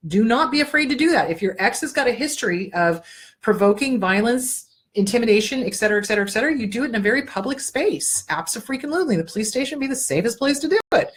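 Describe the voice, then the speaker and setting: Blunt, emphatic woman giving advice. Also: mid-range voice. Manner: blunt, emphatic, swears freely, repeats for emphasis. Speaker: host. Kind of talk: advice talk show.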